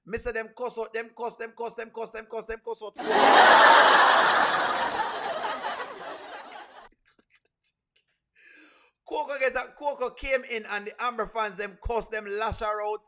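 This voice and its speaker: A man's voice: very high voice, steady tone, fairly quick, hardly any pauses, very noisy. A Jamaican man hosting a comedic reaction video, repeating himself and breaking into laughter as he talks. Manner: repetitive, keeps breaking into laughter.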